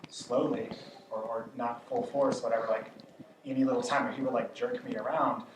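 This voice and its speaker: A man's voice: mid-range voice, fairly even intonation, moderate pace. A man at a workshop asking a hesitant question, full of fillers. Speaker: workshop participant. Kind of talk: casual question. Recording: distant, echoey hall with noise.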